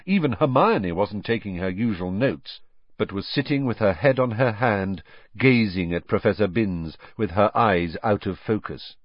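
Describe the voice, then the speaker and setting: Low, expressive male audiobook narrator. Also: moderate pace, dry recording, highs cut off. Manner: expressive storytelling with character voices.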